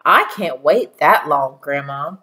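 A woman voicing an eager, impatient young girl who asks pleading, excited questions. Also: low voice, takes it slowly, voice pushed down, full character voice.

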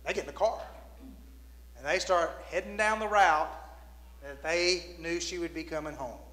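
High-voiced preacher in a reverberant church. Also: male voice, normal speed, pushed and bright. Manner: storytelling, acts out quoted voices. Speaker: pastor. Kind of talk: sermon. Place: church sanctuary.

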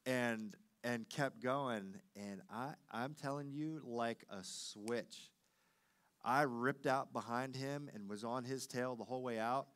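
In a medium-pitched voice, a middle-aged man preaches as a pastor, storytelling with animation while alternating between booming and quiet moments.

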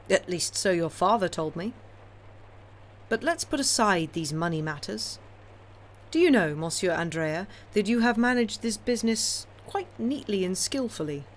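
A woman voicing a calm, ironic older male count who speaks in a smooth, measured, commanding way. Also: mid-range voice, slight background noise, voice pushed up, close to an everyday voice.

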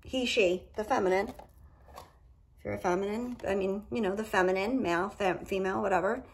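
A woman tarot reader does a casual reading indoors at home, candid and profane, with emphatic asides. She speaks briskly in a medium-pitched voice that sounds slightly rough.

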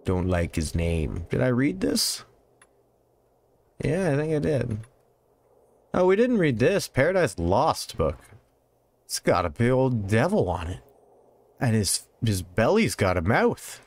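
A man's voice: medium pitch, big pitch swings, measured pace, pauses often, a little mellow. A man casually commenting while playing a game, joking, laughing often and swearing freely. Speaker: let's play host.

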